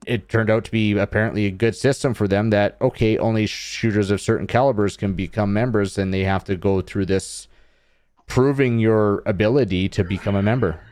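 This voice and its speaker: This man speaks with a lowish voice, relaxed and chatty, as he runs the show and reads out comments. The sound is dry and close, with no room around it. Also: no room sound. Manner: steers the talk, reads out listener comments. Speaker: podcast host. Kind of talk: casual chat.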